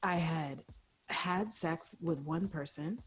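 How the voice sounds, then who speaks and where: A woman's voice: sits low, slow pace, breathy edge. A woman co-hosting a podcast, talking candidly and earnestly, explaining her point through long repeated examples. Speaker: podcast co-host. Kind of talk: candid casual chat.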